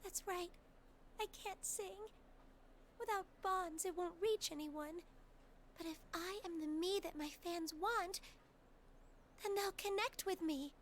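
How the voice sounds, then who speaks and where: Game role: very high-voiced, meek young idol, self-doubting. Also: female voice, slow pace, pauses often, slight background noise. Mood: dazed. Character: timid, despairing young female idol.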